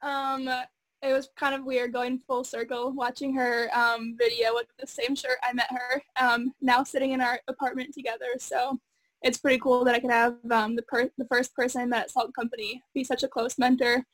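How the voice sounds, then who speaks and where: A young woman with a high, flat, dry voice speaks over a video call. She gives a fond thank-you to her roommate, halting often with fillers. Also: no room sound, poor audio. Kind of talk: heartfelt casual tribute.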